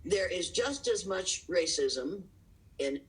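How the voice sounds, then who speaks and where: A woman's voice: fairly low pitch, lively intonation, slow, slightly rough, rough recording. A woman giving impassioned, emphatic answers as an interview guest over a video call, pressing her points with rhetorical questions and breaking into laughs between them. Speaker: interview guest, diversity educator.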